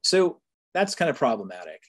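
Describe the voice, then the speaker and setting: A man from the Boston area gives a relaxed, informal lecture as a professor talking to alumni. His voice is a little husky at a middling pitch. He keeps it conversational, tossing in wry asides and checking in with "right?". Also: moderate pace. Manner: conversational, joking asides, frequent "right?" tags. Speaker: university professor giving a talk.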